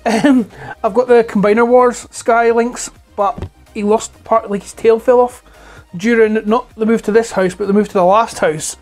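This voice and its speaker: A man in his forties with a Scottish accent, chatting casually to camera about toys at home on a clip-on mic, his voice hoarse and close to breaking, rambling and swearing freely. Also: extremely high pitch, fairly even intonation, normal speed, darkish tone, faint music behind. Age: 40s. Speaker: toy collector vlogger. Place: at home indoors. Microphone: clip-on lapel mic.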